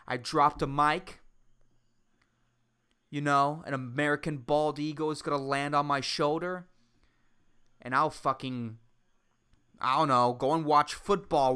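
A woman hosting a solo podcast, ranting sarcastically and swearing often, jumping between loud outbursts and low mutters. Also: clear, resonant tone. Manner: profane, rambling and sarcastic, says dude a lot. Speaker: podcast host.

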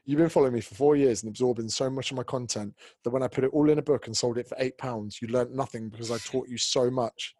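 A man hosting a casual podcast chat, blunt and animated, swearing freely as he talks about his work. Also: mid-range voice, fast, hardly any pauses, no echo. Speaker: podcast host, fitness coach and author.

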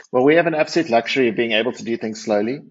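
A man's voice: medium pitch, slight background noise. A man, a winery's managing partner, chatting as a guest in an interview with frequent restarts and self-deprecating humour. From South Africa. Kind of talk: radio interview. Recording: dull lo-fi audio.

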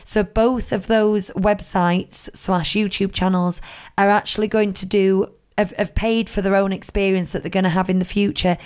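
A woman's voice: medium pitch, normal speed, clean tone. A woman co-hosting a podcast, chatting casually and acting out quotes as she tells stories. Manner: chatty, animated storytelling with acted-out quotes. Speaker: podcast co-host. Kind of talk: casual chat.

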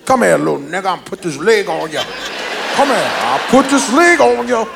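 A man voicing a mean uncle in his sixties who makes gruff, teasing threats at children. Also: high-pitched, big pitch swings, normal speed, a crowd in the background, noisy background, full character voice. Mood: menacing. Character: mean older uncle in a wheelchair, menacing.

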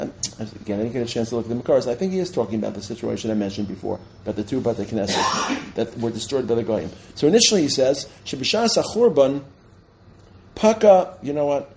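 A middle-aged man teaching a Talmud class as a rabbi, quick and digressive, often correcting himself and reading Hebrew and Aramaic sources aloud. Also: medium pitch, a little mellow, a little hiss or hum, rough recording. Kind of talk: lecture with questions from students.

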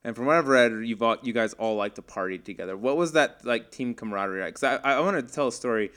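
A man's voice: mid-range voice, fast talker, a bit bright. A man co-hosting a podcast in a studio, chatty and asking long rambling questions. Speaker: podcast co-host. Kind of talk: casual chat.

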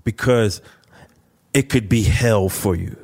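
A man's voice: lowish voice, slow pace, darkish tone, breathy edge. A man chatting as a podcast co-host, blunt and full of slang and swearing. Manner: blunt, profane, street slang. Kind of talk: casual studio podcast chat.

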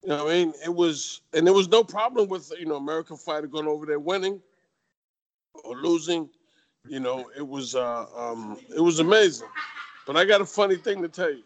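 A man's voice: a little high, a little fast. New York man telling boxing stories. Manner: animated anecdotal talk with fillers. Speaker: retired boxer guest. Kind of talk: casual interview storytelling.

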